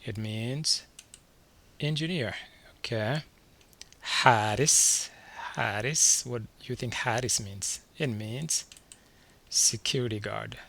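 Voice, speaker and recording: A man teaching a beginner vocabulary lesson from slides, saying each word twice and slowly before asking what it means. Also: fairly low pitch, vocal fry, fairly bright tone. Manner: repeats each word slowly, then quizzes the listener. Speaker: language teacher.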